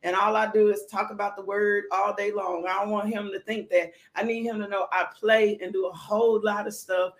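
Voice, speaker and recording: A woman's voice: mid-range voice, flat delivery, fairly quick, hardly any pauses. Playful woman devotional host, live-stream chat, echoey room, laughs a lot. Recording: roomy echo.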